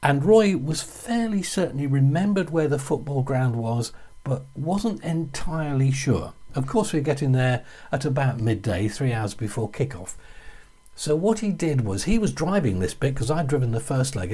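Husky Yorkshire man telling a story. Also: mid-range voice, normal speed. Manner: chatty, lively storytelling. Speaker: guest storyteller. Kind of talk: casual anecdote.

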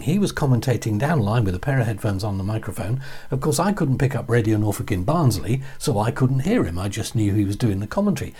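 A man with a Yorkshire accent, chatting through a lively anecdote as a guest. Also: mid-range voice, breathy edge. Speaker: guest storyteller. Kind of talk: casual anecdote.

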